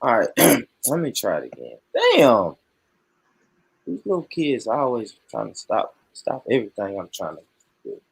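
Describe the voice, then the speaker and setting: A man's voice: mid-range voice, wildly swooping pitch, normal speed, creaky, husky, low-quality recording. A man hosting a casual livestream from home, joking and swearing playfully. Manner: playful, profane, joking banter. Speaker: livestream host. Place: at home, early morning.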